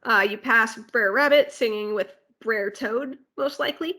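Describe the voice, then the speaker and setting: A woman's voice: fairly high pitch, normal speed, bright, forceful tone. A woman co-hosting a podcast, casually walking through a theme park ride with plenty of fillers and asides. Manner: rambling ride walkthrough with filler words and asides. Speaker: podcast co-host.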